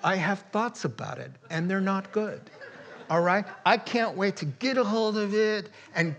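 Slow-talking pastor man with a higher voice. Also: expressive. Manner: conversational, chuckling, jumps to loud emphatic bursts. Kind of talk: sermon.

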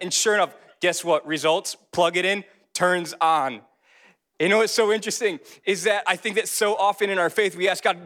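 High-voiced young man preaching casually. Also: normal speed, fairly bright tone. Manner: casual and conversational, rising in pitch when preaching. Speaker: young adult ministry leader. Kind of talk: sermon.

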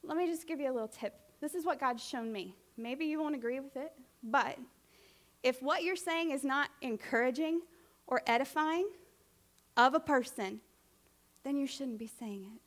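A woman preaching a sermon in a conversational, animated way, often asking the congregation questions. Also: high-pitched, normal speed.

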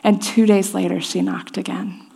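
A woman's voice: medium pitch, flat delivery, moderate pace, creaky, mellow, slightly rough. A woman in her thirties giving a sermon, telling a personal story in a loose, conversational way with lots of restarts. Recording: long hall reverb.

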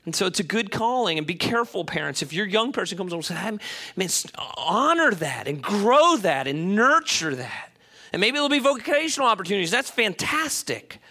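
Animated high-voiced male pastor preaching. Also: brisk. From United States. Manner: animated, swings from loud to quiet, acts out voices. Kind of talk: sermon.

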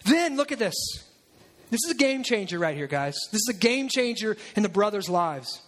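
Animated high-voiced male preacher. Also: normal speed. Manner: animated, conversational preaching with asides and acted-out quotes. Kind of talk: sermon.

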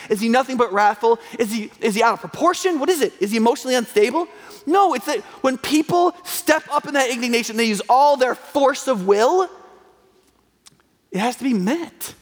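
A man preaching a sermon in a casual, conversational way, asking rhetorical questions and acting out the people he quotes. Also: very high-pitched. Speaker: pastor. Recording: long reverb of a large hall.

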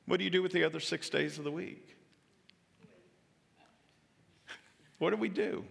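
A high, bright male voice with a gravelly edge, preaching from the pulpit. He is a pastor in his thirties who pushes his points with earnest emphasis, then drops into quiet, personal asides. The sound carries the long reverb of a church sanctuary. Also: measured pace. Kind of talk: sermon. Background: church hall.

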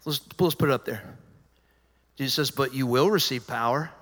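A man preaching a sermon as pastor, in an animated, conversational style. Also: medium pitch, moderate pace. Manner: animated, conversational preaching with acted-out quotes and dropping to a hushed voice. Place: large church auditorium. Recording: reverberant church hall.

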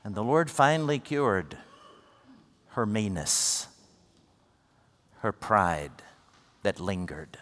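Pastor preaching in a reverberant hall. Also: male voice, fairly low pitch, big pitch swings, takes it slowly, long pauses. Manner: earnest storytelling, rising to emphatic peaks then dropping soft. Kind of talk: sermon.

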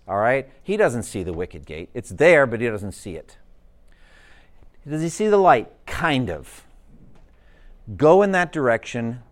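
A man teaching a Bible study class in a relaxed, conversational manner. His voice sits at an ordinary mid pitch, and he keeps asking the group questions.

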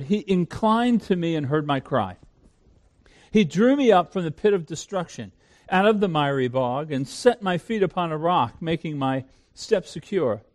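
Pastor, man, high-pitched voice, earnest sermon delivery with frequent restarts. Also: a little mellow. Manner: earnest, repeats words when starting sentences.

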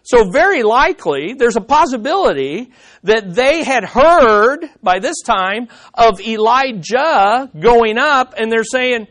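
A man's voice: very high voice, lively intonation, slow pace, a bit bright. A man teaching a Bible study, emphatic, asking rhetorical questions and answering them himself.

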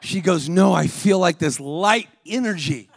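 A man preaching as a guest speaker at a church service, calling out to the congregation and rising to shouts. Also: high-pitched, a little slow, creaky, slightly rough, dry recording. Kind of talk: sermon. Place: church sanctuary.

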